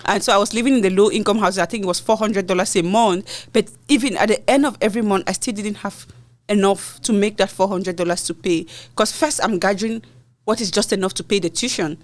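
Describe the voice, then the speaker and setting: A woman from Cameroon speaks as a podcast guest, telling her own story in an earnest, expressive way. Her voice sits at an ordinary middle pitch for a woman, and she talks in a conversational manner. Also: fast. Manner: earnest, expressive retelling of hardships.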